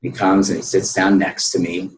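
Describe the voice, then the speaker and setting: A man's voice: deep voice, little pitch movement, normal speed, roomy sound, low-quality recording. A man telling his personal story as an interview guest, earnest and full of fillers.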